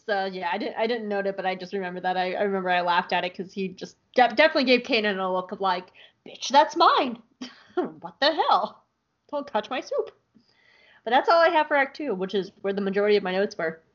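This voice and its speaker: A woman's voice: medium pitch, rapid-fire, hardly any pauses. A woman co-hosting a podcast, casually recapping an episode in a playful way with frequent laughs. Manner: playful, laughs often, acts out quotes in silly voices. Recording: dull lo-fi recording.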